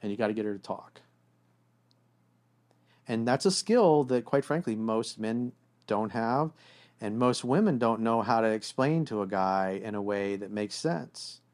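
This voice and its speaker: A man's voice: on the low side, lively intonation, a little slow, darkish tone. A man hosting a podcast and giving relationship advice in a blunt, casual way. He speaks directly to the men listening. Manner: acts out quoted lines in exaggerated voices. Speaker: podcast host.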